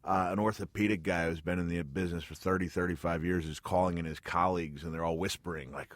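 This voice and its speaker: Deep-voiced middle-aged man, rambling chat. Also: steady tone, fast, few pauses, no room sound. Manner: rambling, restarts, frequent chuckles. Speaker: guest. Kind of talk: radio interview. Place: radio studio.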